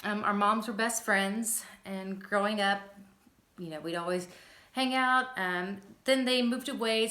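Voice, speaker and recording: A woman in her thirties, with a mid-range and fairly bright voice, chats casually to a camera on a stand in her living room. She's a vlogger sharing her epilepsy journey, telling a personal story in an upbeat way and laughing often. The phone or camera picks up a roomy home echo.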